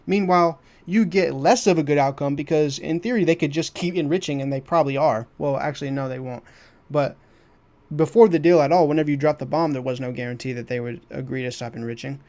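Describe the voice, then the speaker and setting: A man's voice: fairly high pitch, fast talker, darkish tone, no room sound. Emphatic man, dry close sound. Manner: emphatic, repeats phrases for stress. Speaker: commentator reacting to his debate. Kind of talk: heated commentary over a clip.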